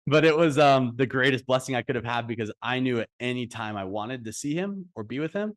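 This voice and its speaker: A young man in his twenties giving a funeral tribute for his brother, telling stories warmly with fillers and restarts. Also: mid-range voice, animated, fairly quick. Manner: heartfelt storytelling with fillers and restarts. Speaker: eulogy speaker, brother. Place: funeral service.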